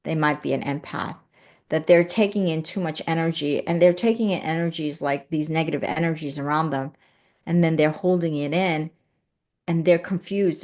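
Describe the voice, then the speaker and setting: Woman, live-stream host, lowish voice, earnest, emotive, casual chat. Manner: earnest and emotive, repeats phrases.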